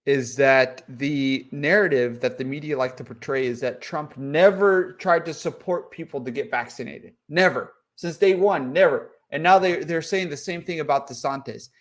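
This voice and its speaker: A man's voice: medium pitch, moderate pace, few pauses, fairly bright tone. A man co-hosting a casual political podcast, making his points emphatically and repeating them. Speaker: podcast co-host.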